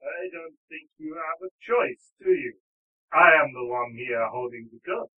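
A man voicing a menacing armed villain who speaks slowly and threateningly in a tabletop game. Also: a little high, close to an everyday voice. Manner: slow, threatening. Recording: tinny phone-like line.

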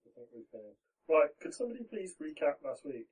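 A man leading a casual group chat as game master, hesitant and halting with ums. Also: a little high, very animated, darkish tone. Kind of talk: casual chat among friends. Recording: distant from the mic.

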